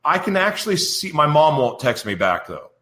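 Male host of a live radio show, bright voice, roomy studio, chatty and rambling. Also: on the high side, very animated, normal speed. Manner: rambling, chatty, talks to live viewers by name. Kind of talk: casual live radio talk.

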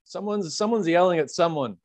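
A man with a fairly high voice tells a story in a casual podcast chat. He rambles, stacking "like" and "uh" as he goes. The sound is dry and close to the mic. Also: a little fast, a little mellow, dry recording. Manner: rambling, filler-heavy anecdote telling with frequent "like" and "uh". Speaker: podcast co-host.

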